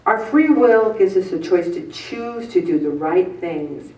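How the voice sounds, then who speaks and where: A weight-loss group leader in her fifties gives an earnest, preachy motivational talk to an audience in a meeting room, dropping in humorous asides. Her voice sits on the low side and sounds expressive, unhurried and a little mellow. The room is echoey and she is recorded from a distance.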